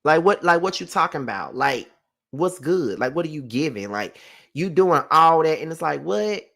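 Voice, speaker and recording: Man, reality TV recap host, gravelly voice, profane, animated, casual live commentary. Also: fairly high pitch, normal speed. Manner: profane, animated, talks back at the people on screen.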